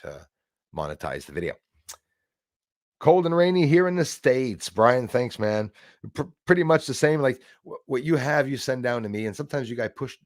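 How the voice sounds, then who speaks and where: A man's voice: lowish voice, no echo, studio quality. A man hosting a casual live stream, rambling and greeting chat viewers by name.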